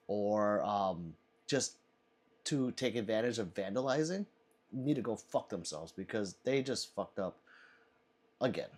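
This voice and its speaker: A man's voice: on the low side, darkish tone. A man hosting a casual livestream, reading chat aloud, laughing often and swearing freely.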